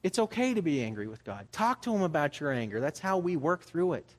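A man's voice: on the high side, big pitch swings, fairly quick. A man preaching as a pastor, in a conversational style that builds to emphatic urging. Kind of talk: sermon.

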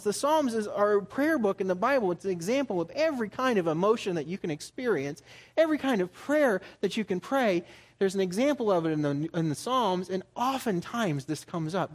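A man's voice: high-pitched, big pitch swings, brisk. A man preaching as a pastor, in a conversational style that builds to emphatic urging. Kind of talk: sermon.

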